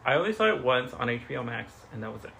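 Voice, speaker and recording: A man co-hosting a podcast in a casual chat, pausing often on fillers such as um, like and you know. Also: mid-range voice, sing-song, gravelly, sharp tone, slight background noise. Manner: hesitant, lots of fillers. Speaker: podcast co-host.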